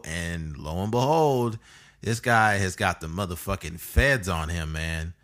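Young male co-host, low and punchy voice, blunt and profane, casual banter. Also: normal speed. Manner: blunt, swears freely, animated asides. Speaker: podcast co-host. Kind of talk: casual chat.

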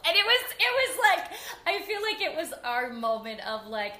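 A young woman with a bright, clear voice set a little high. She tells her stories in a casual interview, animated and chatty, with lots of "like". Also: moderate pace. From New Jersey. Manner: animated and chatty, with frequent "like" and laughter. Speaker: guest.

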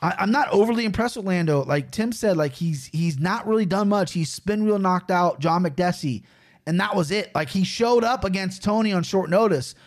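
A man's voice: sits high, normal speed. A young man hosting a podcast, chatting loosely about fight picks, rambling, swearing often and poking fun at himself. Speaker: podcast host.

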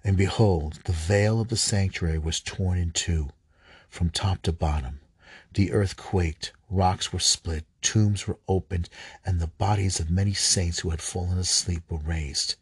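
A man reading scripture aloud, halting at times, stumbling and rereading lines. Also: low-pitched, breathy edge, no room sound. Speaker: scripture reader.

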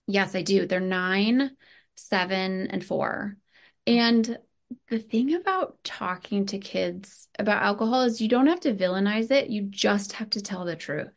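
Woman in her thirties, podcast guest, gravelly fry, earnest and animated. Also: mid-range voice, a little slow. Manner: animated, earnest, full of restarts. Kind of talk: candid conversational interview.

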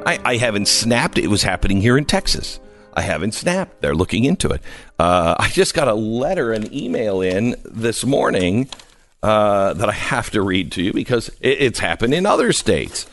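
A man hosting a radio talk show, ranting with mocking jumps into a high squeaky voice. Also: big pitch swings, normal speed, a bit bright. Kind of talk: opinionated radio monologue. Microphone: studio microphone.

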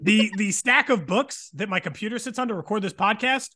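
A man's voice: high-pitched, brisk. A man in his thirties, a departing podcast co-host, chatting casually and laughing at himself. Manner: laughing, self-deprecating, lively. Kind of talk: casual banter.

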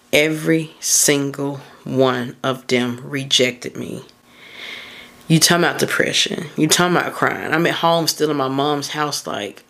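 A woman's voice: a bass voice, gravelly, a bit bright. A woman hosting a podcast as a mindset coach, talking casually and candidly through personal stories, with loose phrasing and lots of fillers. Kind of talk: casual motivational monologue.

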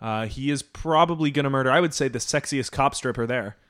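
A man's voice: medium pitch, fairly quick, fairly bright tone. A man hosting an improvised comedy podcast, playful and asking leading questions. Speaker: host.

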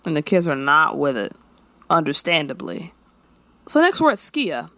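A woman co-hosting a casual recap chat, animated and playful, acting out characters' lines. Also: low-pitched, normal speed, no room sound. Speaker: podcast co-host recapping a show.

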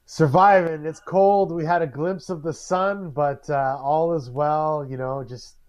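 A man's voice: on the high side, steady tone, a little slow, darkish tone. A man chatting casually and teasing his friends on a podcast video call. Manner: joking, teasing. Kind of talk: casual remote chat.

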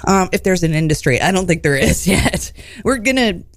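A woman's voice: fairly low pitch, lively intonation, moderate pace, dry recording. A woman hosting a comedy radio show from a studio, chatting casually in a rambling, joking way. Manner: rambling, joking, many fillers.

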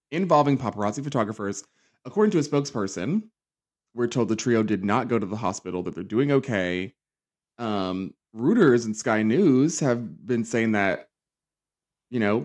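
A young man hosting a casual solo pop culture podcast, sassy and campy, dramatic, often jumping up into high mocking voices. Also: a little mellow. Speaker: podcast host.

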